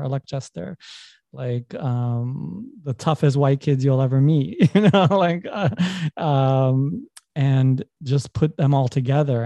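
A man's voice: mid-range voice, warm tone, no room sound. A young adult man, rambling through personal stories in casual conversation and laughing as he tells them. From New York. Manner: rambling, self-correcting, laughs while telling. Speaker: podcast guest.

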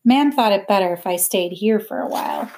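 A woman's voice: medium pitch, expressive, brisk, darkish tone, slight background noise, lightly acted. Brief: subdued, terse teenage boy in a storybook reading, read by a woman.

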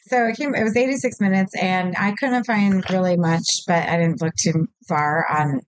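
A woman co-hosting a podcast, chatty and halting, with many fillers. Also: lowish voice, no room sound, poor audio. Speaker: podcast co-host. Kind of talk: casual podcast chat. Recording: dry close mic.

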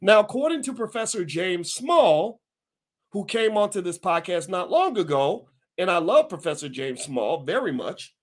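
A man hosting his own podcast, talking to listeners in a folksy, emphatic, animated way and often restarting his sentences. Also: high-pitched, moderate pace. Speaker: podcast host. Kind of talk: casual commentary to listeners.

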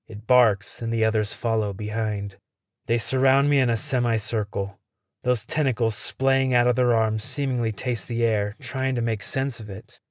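A man reading a first-person horror story in a tense, suspenseful way, dropping to a hush at the scary moments. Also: mid-range voice, no echo, studio quality.

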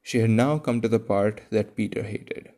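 A man reading a classic children's novel aloud, calm and measured with wry asides. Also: lowish voice. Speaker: audiobook reader. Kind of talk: scripted narration.

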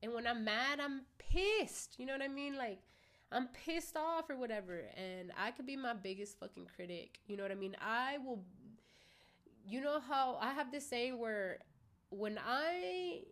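A woman's voice: a little high, expressive, a little slow, a bit bright. A young woman vlogger talking openly to her viewers in a casual, rambling way, swearing often and leaning on fillers like "you know what I mean". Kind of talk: candid casual monologue.

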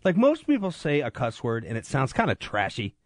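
A man's voice: medium pitch, wildly swooping pitch, a little fast, no echo. A man filling in as radio host, talking sports in a casual, rambling, joking way in a studio. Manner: rambling, joking, self-deprecating.

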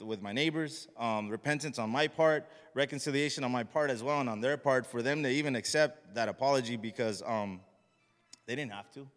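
Man, church member testimony, loose slangy delivery, mid-pitched voice, long hall reverb. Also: fairly bright tone. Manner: rambling and casual, many restarts, slangy. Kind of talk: personal testimony.

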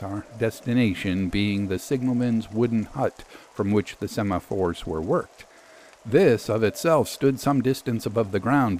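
A man's voice: mid-range voice, a little mellow, slight background noise. Man reading a literary ghost story. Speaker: reader. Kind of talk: scripted first-person story narration.

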